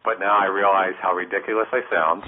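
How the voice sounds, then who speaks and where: Fast, low-voiced male caller on phone. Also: steady tone, over a noisy crowd. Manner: chatty, self-deprecating. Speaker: radio caller. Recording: tinny phone line.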